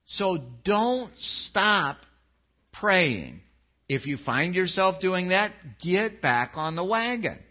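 A pastor preaching to his church, his slightly high voice rising into loud pleas and dropping low. The recording is dull and lo-fi. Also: slow. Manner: animated, swings between loud pleading and low quiet tones. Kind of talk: sermon. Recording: dull lo-fi sound.

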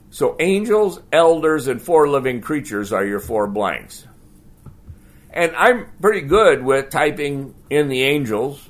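Speaking in a mid-range voice, a male pastor delivers a sermon that feels conversational and animated. He poses rhetorical questions to his congregation.

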